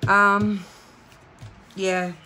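A woman's voice: mid-range voice, little pitch movement, drawn-out words, pushed and bright, clear, resonant tone. A woman hosting a casual unboxing vlog, chatting directly to her viewers as she shows off a craft kit. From Australia. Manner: chatty, talks straight to viewers. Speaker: diamond painting channel host.

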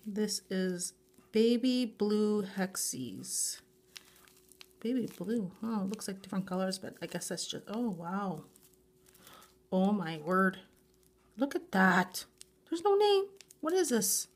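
A woman's voice: medium pitch, slow, pauses often. A woman vlogging as she unboxes a grab bag of nail supplies, gushing with breathless exclamations and repeating herself. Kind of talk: unboxing a grab bag, excited casual chat.

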